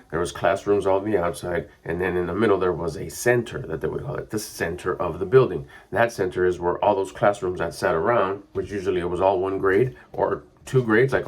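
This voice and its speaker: Speaking in a low, slightly dark voice, a middle-aged man coaches on mindset. His talk wanders casually, a chatty monologue full of filler words.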